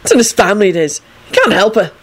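A woman's voice: medium pitch, big pitch swings, fast talker, slightly rough. A woman voicing a cheerful young Irish schoolboy wizard with a thick brogue. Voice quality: cheerful, chatty.

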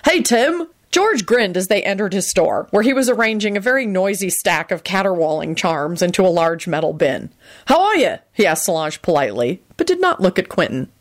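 A man's voice: high-pitched, very animated, brisk. Woman doing a cheerful smug shopkeeper guy. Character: cheerful, smug adult male joke-shop owner.

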